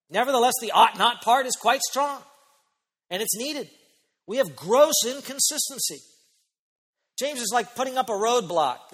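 A man preaching a sermon as pastor, emphatic, slowing down and stretching key phrases. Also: fairly high pitch, a bit bright. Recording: long hall reverb.

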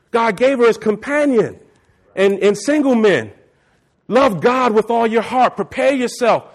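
A man preaching a sermon with impassioned, at times shouting delivery. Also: very high-pitched, lively intonation, measured pace. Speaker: pastor.

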